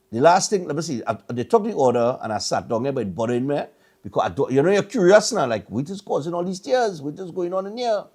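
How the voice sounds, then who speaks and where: His voice fairly high in pitch and a little mellow, a middle-aged Trinidadian-accented man from Trinidad and Tobago hosts a morning show. He chats casually, rambling through stories and stammering repeated words.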